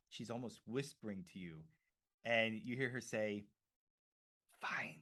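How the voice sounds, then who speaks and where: A man narrating scenes as a tabletop game master in a relaxed way, full of fillers. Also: on the low side.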